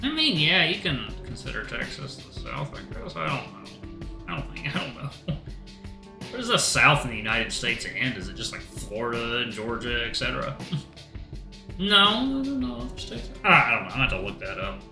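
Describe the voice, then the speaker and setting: A young man hosting a gaming channel, reading a visual novel aloud with animated asides. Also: mid-range voice, normal speed, gravelly, roomy sound, over music.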